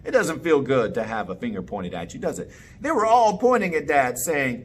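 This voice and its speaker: A man telling a children's story in a playful, animated way, inviting the kids to join in. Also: mid-range voice, normal speed. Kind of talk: interactive children's story time.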